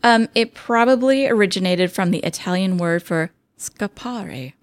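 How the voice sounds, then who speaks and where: A woman of middle pitch co-hosting a podcast and running a playful quiz game. Her voice swoops with animation, and the recording is dry and close-miked. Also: normal speed, dry recording. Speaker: podcast co-host. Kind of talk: casual chat.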